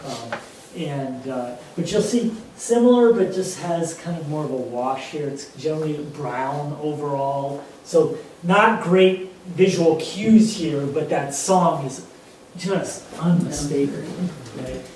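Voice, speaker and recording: A man's voice: a little high, animated, slow pace, darkish tone. A man giving an informal talk to a group about birds, chatty and now and then imitating bird calls. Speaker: presenter on birds. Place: indoor community talk hall. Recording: echoey room from far off, faint noise.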